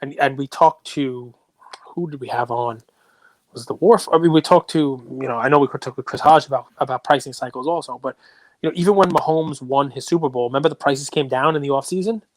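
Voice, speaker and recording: A man co-hosting a sports card podcast in casual, animated chat that rambles on in long runs. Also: medium pitch, a little fast, no room sound. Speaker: podcast co-host.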